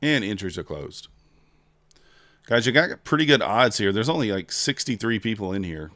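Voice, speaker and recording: A man's voice: lowish voice, expressive, normal speed, fairly bright tone, dry recording. A man hosting a casual trading livestream, chatting with viewers and counting down a giveaway.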